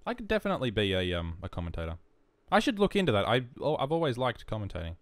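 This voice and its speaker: Australian guy, gaming voice-over, rambling and self-mocking, very animated, dry close mic. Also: mid-range voice, rapid-fire, dry recording. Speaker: gaming YouTuber. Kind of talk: casual commentary over gameplay. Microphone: headphones and desk mic.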